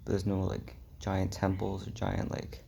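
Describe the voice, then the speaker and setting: A man's voice: sits low, completely flat delivery, a little slow, gravelly, warm tone, a little hiss or hum. A young man telling a rambling travel story in a casual vlog, full of "like" and "um", slipping into whispery asides. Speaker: travel vlogger.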